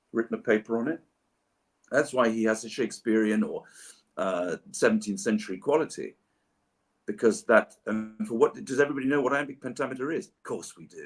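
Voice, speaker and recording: An Englishman chatting playfully while signing autographs, with a theatrical, explanatory manner. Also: fairly low pitch. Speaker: voice actor signing autographs on a livestream. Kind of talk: casual chat while signing. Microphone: livestream setup.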